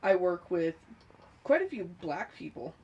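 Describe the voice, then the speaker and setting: A woman in casual chat, telling stories in an animated, profane way. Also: fairly low pitch, a little slow, dull audio, slight background noise.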